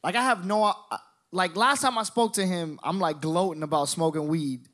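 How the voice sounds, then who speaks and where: A young man telling a story in an animated, profane way, acting out other people's voices. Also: high voice, normal speed. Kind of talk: storytelling monologue.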